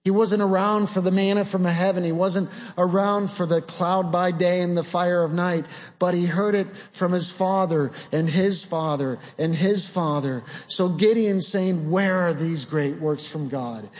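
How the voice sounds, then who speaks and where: A man preaching a sermon with a slightly raised voice, slow and deliberate. He asks earnest rhetorical questions and lets key words sink low. His voice rings out with a long reverb, as in a big hall. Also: steady tone.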